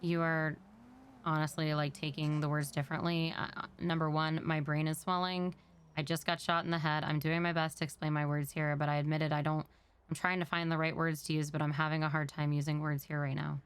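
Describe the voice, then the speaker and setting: A woman speaks in character during a role-play scene, low in pitch with a smooth, clean tone. She is earnest and explains her feelings at length. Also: level tone, a little fast.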